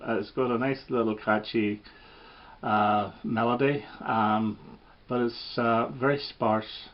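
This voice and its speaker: A man casually ranking records, relaxed and hesitant, with plenty of fillers and restarts. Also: medium pitch, slow pace, muffled recording. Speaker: record collector vlogger.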